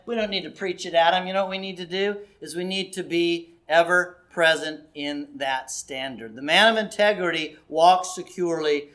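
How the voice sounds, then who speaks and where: A man's voice: high-pitched, a bit bright. Earnest male pastor preaching. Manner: earnest, conversational preaching with rising emphasis. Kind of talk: sermon.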